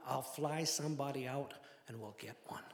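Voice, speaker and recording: A man putting on a calm, serious bush pilot with an exaggerated Midwestern accent, speaking in a dry, matter-of-fact way. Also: mid-range voice, normal speed, vocal fry, pitched below the performer's own voice, lightly acted. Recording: echoey hall reverb.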